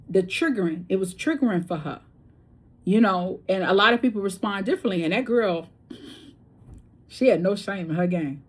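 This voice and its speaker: Husky, blunt-talking woman tarot reader. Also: mid-range voice. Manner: chatty, blunt and profane, swinging between loud and hushed. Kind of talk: casual tarot reading with storytelling.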